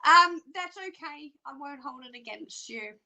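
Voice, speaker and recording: A woman psychic doing live card readings, chatty and excitable, laughing often. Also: high voice, a little slow. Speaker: psychic reader.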